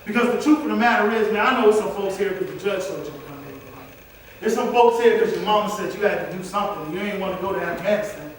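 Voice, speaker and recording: A man's voice: high-pitched, animated, fast. A man giving a motivational talk in a preacher-like way, calling out to the audience. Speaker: motivational speaker. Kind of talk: motivational speech. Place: large hall. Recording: echoey hall from far off, faint noise.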